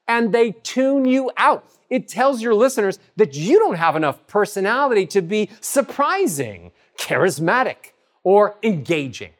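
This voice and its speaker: Guy teaching voice stuff, super animated, pitch jumping all over the place. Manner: animated, swoops high and low to demonstrate. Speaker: voice coach. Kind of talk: spoken voice lesson.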